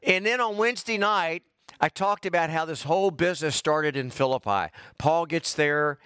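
A middle-aged man preaches a fervent sermon, breaking into exclamations of praise. His voice sits fairly high for a man, and the recording is dry and close, with little room sound. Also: normal speed, bright, forceful tone, clear, resonant tone, no echo. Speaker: pastor.

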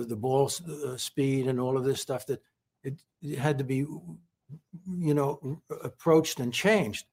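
A man from California, a guest in an interview, giving heartfelt praise in halting speech full of repeated words and fillers. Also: mid-range voice, a little mellow, slightly rough.

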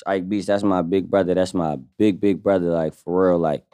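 Low-voiced man telling stories casually. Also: fairly even intonation, normal speed, dark tone, clear, resonant tone. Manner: slangy, loose, full of fillers. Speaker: rapper guest. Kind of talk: casual podcast storytelling.

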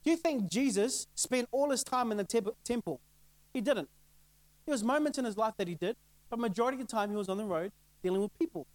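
A man's voice: sits high, expressive, fast talker, dry recording, poor audio. A middle-aged male pastor giving a casual sermon, conversational and laughing often, asking the crowd rhetorical questions. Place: church.

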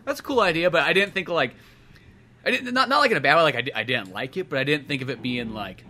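Bright-voiced, rambling podcast host. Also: male voice, fairly high pitch, very fast. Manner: rambling, swears a lot, acts out exaggerated voices. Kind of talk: casual chat.

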